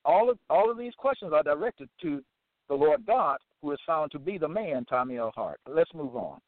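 A man's voice: a little high, lively intonation, dry recording. Emphatic man with a tinny phone-like voice. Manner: deliberate, emphatic, repeats and restates each question. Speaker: host of a religious teaching episode. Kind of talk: reading and explaining scripture verses. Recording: dry, tinny phone-like sound.

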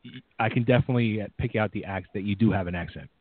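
A man's voice: lowish voice, fast, dry recording. A man with a Philadelphia accent hosting a casual radio talk show, upbeat and full of fillers. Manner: upbeat, hesitant with many fillers. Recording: tinny phone line.

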